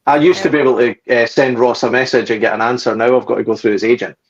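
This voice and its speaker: A man's voice: mid-range voice, steady tone, fast, breathy edge. Dry-witted man, dull lo-fi sound. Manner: dry, wisecracking. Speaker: guest, spirits manager. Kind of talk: casual live-stream chat.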